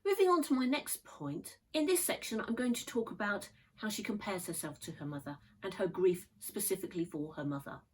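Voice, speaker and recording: A woman teacher giving a measured, thoughtful poetry lesson. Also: mid-range voice, lively intonation, slightly rough, low-quality recording. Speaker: English literature teacher.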